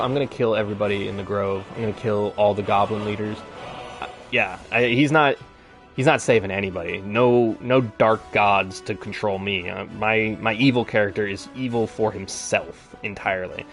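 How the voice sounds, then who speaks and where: A man chatting casually on a live stream, rambling and swearing freely as he rants. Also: fairly low pitch.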